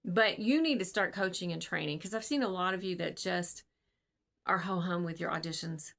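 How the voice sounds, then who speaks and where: A woman's voice: on the low side, normal speed, gravelly, a bit bright. Earnest, rambling woman casting director. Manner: rambling, filler-heavy and earnest. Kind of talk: casual advice talk to camera. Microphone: video call.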